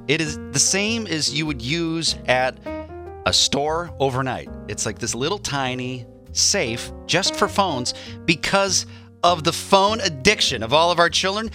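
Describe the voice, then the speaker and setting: A man in his forties co-hosting a morning radio show, telling a story with animated energy and acting out the quotes. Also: a little high, a little slow, music in the background.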